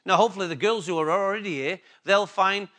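High-voiced English pastor preaching. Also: male voice, fast, sharp tone. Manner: emphatic, repeats key words, asks the congregation questions. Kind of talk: sermon.

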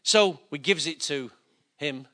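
A man's voice: fairly high pitch, takes it slowly, a bit bright. A middle-aged man preaching a sermon, telling a personal story in a chatty, self-mocking way. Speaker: pastor.

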